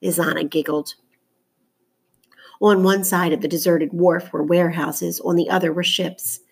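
Woman, audiobook narrator, gravelly, husky, measured storytelling. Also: on the low side, fairly even intonation. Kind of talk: reading a children's novel aloud.

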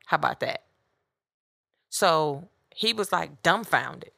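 Low gravelly woman podcaster telling a story, blunt and lively, dry close sound. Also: slow pace, no echo. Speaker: podcast host. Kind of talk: casual storytelling monologue.

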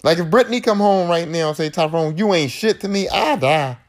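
A man's voice: on the high side, animated, brisk. A man hosting a podcast, recapping a horror film in a casual, profane monologue and acting out the characters' lines. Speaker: podcast host.

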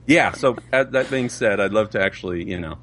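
A man's voice: on the low side, fairly quick, fairly bright tone. A man, a father and voice actor, chatting in a casual interview and laughing often. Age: adult with children. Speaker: voice actor guest.

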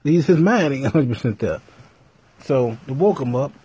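A man vlogging in a rambling, profane, animated way, retelling stories with frequent restarts. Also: medium pitch, normal speed, slightly rough. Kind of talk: casual commentary.

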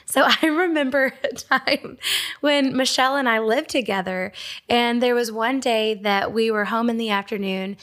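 A woman's voice: a little high, normal speed. A young woman from Georgia, giving a casual devotional talk with fillers and small laughs. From Georgia, USA. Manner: casual, warm storytelling with fillers and little laughs. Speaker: speaker at a Christian ministry. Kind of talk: devotional teaching.

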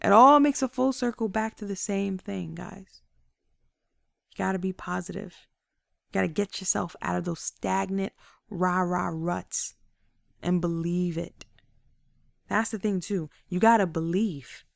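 A woman host giving an energetic, preachy motivational talk straight to her listeners. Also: lowish voice, unhurried, gravelly, pauses often, dry recording, clean studio sound.

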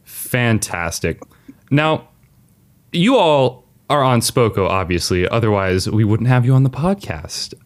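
A man's voice: mid-range voice, lively intonation, measured pace. A man hosting a casual podcast chat, upbeat and joking as he leads the questions. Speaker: podcast host.

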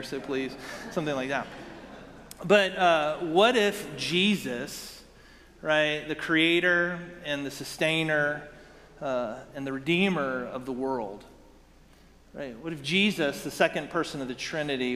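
A man's voice: on the high side, a bit bright, in a large hall, slight background noise. A man giving a sermon as pastor, praying and then preaching in a conversational way, with many rhetorical questions and asides to the congregation.

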